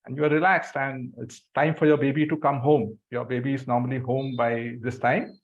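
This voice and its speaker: A man leading a group through a guided visualization exercise, giving slow breathing cues. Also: mid-range voice, steady tone. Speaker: workshop facilitator. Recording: dull lo-fi sound.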